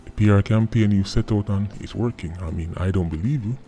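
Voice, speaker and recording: A man's voice: lowish voice, fairly quick, dark tone. A man with a Jamaican accent giving casual, mocking commentary in patois, often tagging his lines with "right?". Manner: mocking, repeating tag words like "right?".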